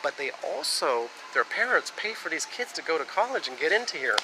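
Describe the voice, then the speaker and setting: A man's voice: a little high, very animated, brisk, noisy background. A man from the United States talking on a live stream in a rambling, casual monologue that jumps between topics and swears freely.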